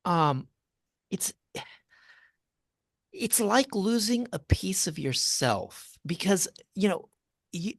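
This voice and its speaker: A man, an author guest on a podcast, speaking earnestly and telling stories, slowing down to stress points. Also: high-pitched, expressive, no room sound, studio quality. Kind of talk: conversational interview.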